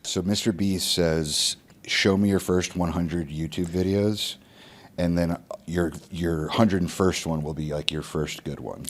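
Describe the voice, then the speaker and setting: Very deep-voiced man in his thirties. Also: steady tone, measured pace. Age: 30s. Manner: loose, rambling with repeated restarts and profanity. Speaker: podcast guest. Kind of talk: casual podcast conversation.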